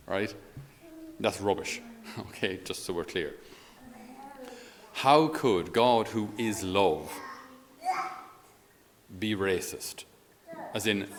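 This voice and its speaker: An Irish man speaking as a priest in a conversational homily. He is a lively storyteller who often chuckles as he talks. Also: on the low side. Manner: animated storyteller, chuckles while talking.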